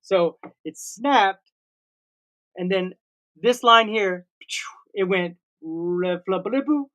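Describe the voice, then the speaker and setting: A man's voice: high-pitched, extremely slow. Rambling storytelling man in his forties. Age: 40s. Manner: rambling, animated storytelling with made-up sound words. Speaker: co-host. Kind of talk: casual chat on a livestreamed comedy podcast.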